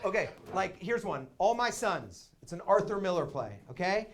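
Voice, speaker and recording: A young man doing live stand-up storytelling on a theater stage, dropping to quiet asides and then breaking into shouted, laughing excitement. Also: sits high, moderate pace, few pauses. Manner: laughs while talking. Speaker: stand-up comedian.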